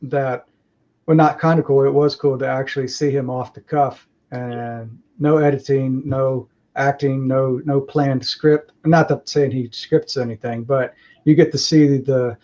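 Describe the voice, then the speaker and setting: A man's voice: mid-range voice, fairly even intonation, unhurried, darkish tone, dull audio. A man talking over a call as a guest on a livestream, in a rambling, reflective way full of "you know.". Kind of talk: casual conversation.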